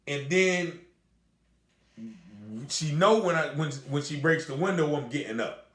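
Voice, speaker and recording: A man's voice: a little high, a little slow, pauses often, a bit bright. A middle-aged man candidly telling a personal story, emphatic and full of asides to the listener. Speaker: storyteller recounting a personal experience. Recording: echoey room.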